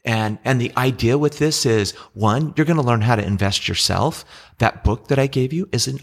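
A man's voice: mid-range voice, moderate pace, creaky. Patient middle-aged man explaining money. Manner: patient explainer, restarts often. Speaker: podcast co-host explaining investing. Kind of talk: casual podcast chat.

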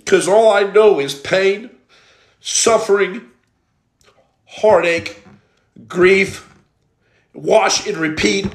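A man telling his personal testimony in a blunt, emphatic, streetwise way, like a preacher. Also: high voice. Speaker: storyteller giving testimony. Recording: roomy echo.

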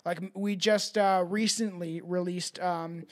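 A man's voice: high voice, steady tone, a little slow. A man hosting a podcast, chatting casually and swearing often, with laughs and rambling asides. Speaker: podcast host. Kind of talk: casual podcast outro chat.

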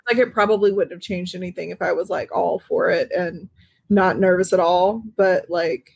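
A woman's voice: lowish voice, fairly even intonation, moderate pace, creaky, darkish tone, breathy edge. A woman co-hosting a podcast, talking candidly and casually over a video call. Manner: candid, self-questioning talk. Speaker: podcast co-host. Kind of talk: casual chat.

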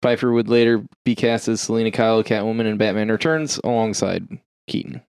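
A man's voice: fairly low pitch, fairly quick, a little mellow, clear, resonant tone, no echo. Podcast co-host, male, casual trivia reader, salty language, dry sound. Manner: reads trivia aloud, swears and laughs often. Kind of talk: casual chat.

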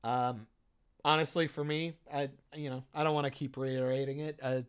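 A man's voice: mid-range voice, steady tone, normal speed, clean tone. A young man co-hosting a podcast, talking casually and hesitantly. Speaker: podcast co-host. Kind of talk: casual chat.

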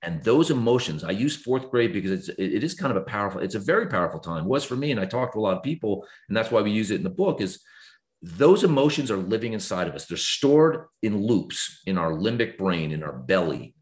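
A man in his fifties, a guest author, talking earnestly and reflectively in a podcast conversation. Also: brisk. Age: 50s. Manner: earnest, reflective, lively swings in pitch when explaining.

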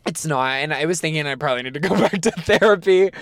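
A young man co-hosting a casual podcast, retelling a story with lots of "like" fillers and animated asides. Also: a little high, fast talker, no echo, studio quality. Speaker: podcast co-host.

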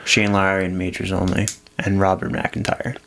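A man's voice: sits low, little pitch movement, normal speed, creaky, fairly bright tone. A man co-hosting a casual podcast chat, telling loose, joking stories in a rambling way. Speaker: podcast co-host.

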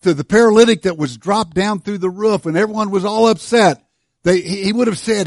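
A man preaching a sermon to his church, swinging from hushed, slow lines to loud, fervent ones. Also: high-pitched, no room sound, clean studio sound. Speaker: pastor.

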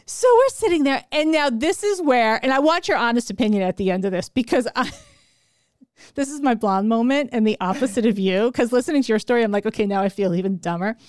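Middle-aged female podcast co-host with a smooth, dry, close sound, telling a lively story. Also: on the high side, brisk, dry recording. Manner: animated, laughing, acts out quoted lines. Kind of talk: casual storytelling chat.

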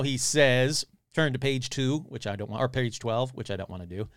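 A man's voice: medium pitch, moderate pace, no echo, studio quality. A man hosting a podcast, casually reading a newspaper article aloud and breaking off with wry, grumbling asides. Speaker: podcast host.

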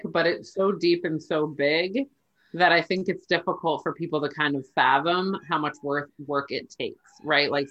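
A woman podcast co-host in casual chat, affirming and thoughtful, tossing in quick asides. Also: on the low side, a bit bright. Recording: dull lo-fi audio.

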